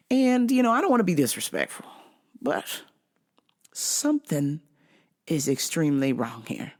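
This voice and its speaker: A woman hosting a podcast, telling a comic story in an animated, profane way and laughing often. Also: deep voice. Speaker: podcast host. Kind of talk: casual comedic storytelling.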